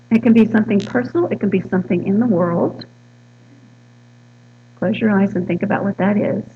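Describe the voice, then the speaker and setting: A woman's voice: mid-range voice, a little mellow, lo-fi sound. A woman minister preaching a sermon and leading the congregation in bold affirmations. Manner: bold, rousing, leads call-and-response. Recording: distant mic with mains hum in a hall.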